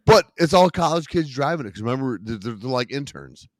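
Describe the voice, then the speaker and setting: A man's voice: mid-range voice, lively intonation, brisk, no room sound. A laid-back man chatting on a podcast, cursing casually and laughing easily between lines. His voice is recorded dry and close, with no room sound around it. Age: adult parent. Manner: laid-back, swears freely, laughs often. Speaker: podcast co-host. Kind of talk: casual chat.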